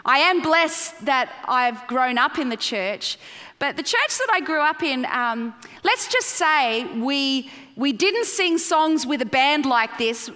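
A woman's voice: high-pitched, expressive, pushed and bright. A woman preaching to a congregation in a church, enthusiastic and emphatic. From Australia. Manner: enthusiastic, emphatic, speaking slowly and deliberately. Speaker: guest preacher. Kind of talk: sermon to a congregation. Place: large church hall. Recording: long reverb of a large church.

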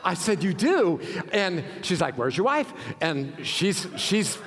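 A man preaching a sermon as pastor, telling stories with humor in an animated way. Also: high-pitched, takes it slowly, a little hiss or hum. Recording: reverberant hall.

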